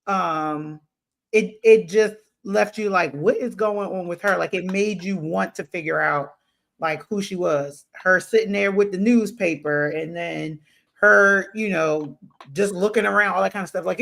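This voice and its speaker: A man with a high, gravelly voice chats casually as a podcast co-host. He rambles through his points, pausing on fillers and circling back to restart his thoughts. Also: fairly bright tone. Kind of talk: casual chat.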